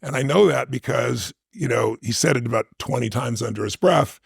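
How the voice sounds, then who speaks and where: A man's voice: mid-range voice, moderate pace, gravelly, breathy edge, dry recording, studio quality. A man telling a personal story as a podcast guest, vividly acting out the voices of the people in it. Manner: vivid storytelling, acts out quotes.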